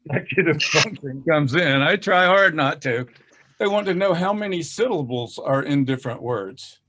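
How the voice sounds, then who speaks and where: Folksy Southern man, higher-pitched. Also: expressive, moderate pace, pushed and bright. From American South. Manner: folksy, self-deprecating, laughs often. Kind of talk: rambling casual discussion.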